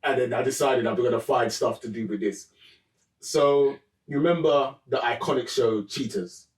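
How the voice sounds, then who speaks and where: A man's voice: mid-range voice, normal speed, recorded from a distance. A man co-hosting a casual podcast. He introduces each topic with a teasing build-up. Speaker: podcast co-host. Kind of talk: casual chat. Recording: roomy sound, away from the mic.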